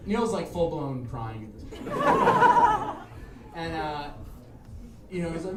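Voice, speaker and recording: A man's voice: fairly high pitch, lively intonation, unhurried, long pauses, far from the mic, heavy background noise. A man telling a rambling, profane story on stage at a live show, laughing along as he goes. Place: small music bar, live show. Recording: echoey live club, mic heard from afar. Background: band music.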